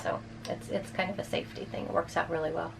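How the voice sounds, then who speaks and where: A woman's voice: fairly low pitch, little pitch movement, quick pace, gravelly. A woman giving a casual, chatty walkthrough of her motorhome for an RV vlog. She explains things by showing them. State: out of breath. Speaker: RV vlogger. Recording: distant mic, faint ambient noise.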